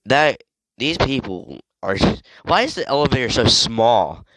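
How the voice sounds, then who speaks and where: A man's voice: medium pitch, sing-song, measured pace, a bit bright, dry recording. A sick young man rambling through casual gameplay commentary, easily distracted and breaking into sudden yelps. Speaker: gaming video creator.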